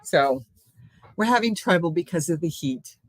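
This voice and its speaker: A woman's voice: lowish voice, lively intonation, normal speed, no echo. An older woman hosting a casual live stream, chatting in a rambling way from home and laughing often.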